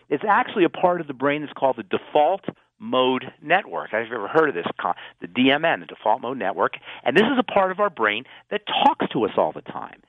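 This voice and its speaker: Medium in pitch and free of echo, this man's voice comes over tinny phone-line radio. A pharmacist guesting on a call-in show, he earnestly walks through health topics and frequently restarts his sentences.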